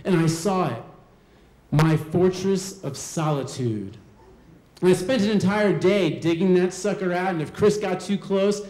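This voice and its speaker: A man telling a personal story on stage, animated and acting out the voices of the people in it. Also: high voice. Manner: animated, acts out quoted voices. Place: live storytelling show venue. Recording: roomy hall sound.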